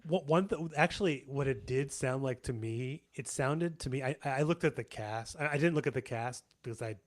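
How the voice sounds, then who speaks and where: A man hosting a podcast, talking through a film in a halting, self-correcting way. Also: medium pitch. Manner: halting, restarts and hedges. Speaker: podcast host and editor. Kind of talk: casual film discussion.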